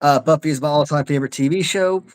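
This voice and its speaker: A man's voice: fairly high pitch, fast talker. Laid-back man chatting about films. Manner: laid-back, easily laughing film fan. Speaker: podcast host. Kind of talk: casual chat.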